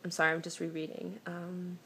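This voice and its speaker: A woman's voice: fairly low pitch, completely flat delivery, fairly quick, vocal fry, pushed and bright, slight background noise. A young woman vlogging from home on a phone camera, answering viewer questions with chatty, reassuring relationship advice full of "um"s and restarts. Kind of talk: casual advice chat.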